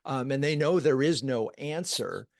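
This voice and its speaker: Man host, mid pitch, dry close sound, conversational on a video call. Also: animated, measured pace, vocal fry, no room sound. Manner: conversational, asks with a worked example, some fillers. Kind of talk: casual chat.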